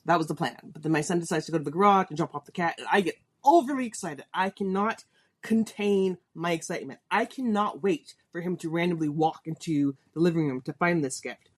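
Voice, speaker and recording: A woman's voice: on the low side, fairly quick. A middle-aged woman hosting a podcast, telling a personal story in a chatty, candid way. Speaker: podcast host.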